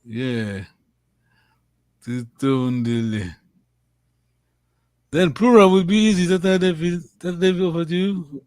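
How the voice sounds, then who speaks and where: A man teaching a language lesson, giving slow, patient and encouraging drills. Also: fairly high pitch, a little mellow, no echo.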